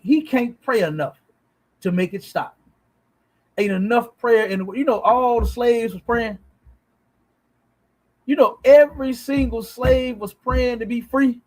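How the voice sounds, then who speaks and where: Blunt high-voiced man, preachy commentary. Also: a little mellow, rough recording. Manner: blunt, preachy, swears, asks "you understand?". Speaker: host reacting to clips. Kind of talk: casual commentary on a livestream.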